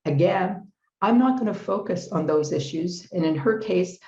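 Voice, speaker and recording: A middle-aged woman giving a formal lecture with slides at a conference, speaking in a measured, deliberate way and stressing key words. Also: fairly low pitch, animated, vocal fry, darkish tone. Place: conference hall. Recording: roomy, slightly muffled hall recording.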